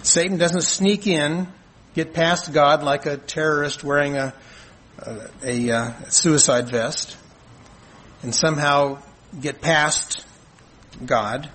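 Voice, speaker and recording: A man preaching a sermon in an earnest, measured way, asking rhetorical questions and answering them. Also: fairly high pitch, steady tone, fairly bright tone, slight background noise, rough recording. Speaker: pastor.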